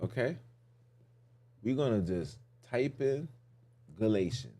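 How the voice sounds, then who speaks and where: A man with a fairly low, mellow voice hosts a podcast, teaching scripture slowly in a sing-song, casual preaching style. He's repetitive and emphatic, repeating phrases and throwing rhetorical questions at his listeners.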